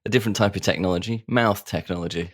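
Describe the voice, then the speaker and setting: A man with a low, breathy-edged voice and a quick pace co-hosts a podcast, the studio-quality sound free of echo. His banter is casual, jokey, and self-mocking, with frequent laughing.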